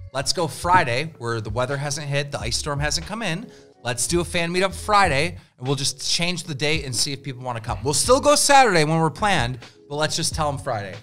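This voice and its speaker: High, lively man telling a wild story. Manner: swears freely, acts out quoted people. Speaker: podcast guest telling a story. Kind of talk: animated storytelling in casual chat.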